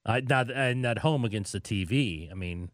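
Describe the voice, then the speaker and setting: A man's voice: medium pitch, moderate pace, no room sound, clean studio sound. A man hosting a casual sports chat, ranting emphatically and repeating his points. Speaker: sports media host.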